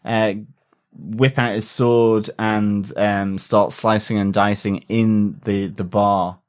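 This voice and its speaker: A man's voice: on the low side, little pitch movement, slow pace. A man co-hosting a TV podcast in casual, thoughtful chat with many fillers. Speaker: podcast co-host.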